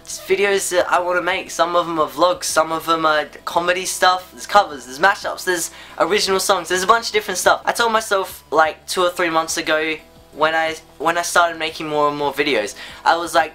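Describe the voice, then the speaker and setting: A sleepy young man talking to his viewers in a casual vlog monologue. He stutters and restarts often and rambles with excitable, gushing energy. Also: high voice, normal speed, faint music behind. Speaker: YouTuber.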